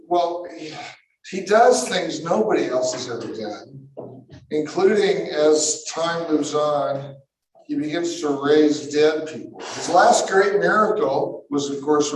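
A fairly high-voiced man preaches slowly and deliberately, leaning hard on his points and now and then breaking into a shout. He is picked up from well back, so the big room rings around every phrase. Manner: emphatic, rising to sudden shouts, musing asides. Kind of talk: sermon. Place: large room with a live audience. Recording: echoey hall, mic far off.

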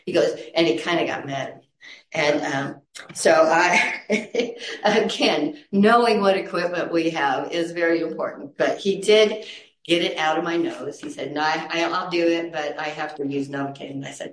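A woman's voice: on the low side, normal speed. A middle-aged woman telling a story with lots of laughter and acted-out voices, then turning it into an encouragement of faith. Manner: animated, laughs often, acts out quoted voices. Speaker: storyteller sharing a testimony. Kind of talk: casual storytelling with a Christian message. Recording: echoey room.

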